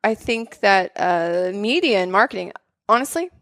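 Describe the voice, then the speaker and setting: A woman's voice: medium pitch, moderate pace, no room sound. A woman who trained as a doctor, telling stories in a casual podcast chat, full of "like" fillers. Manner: animated storyteller, many "like" fillers.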